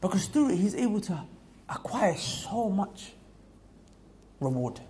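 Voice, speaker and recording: High-voiced emphatic male mosque preacher. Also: very animated, measured pace. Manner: emphatic, repetitive, rising to loud exhortation. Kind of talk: mosque talk. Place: mosque hall.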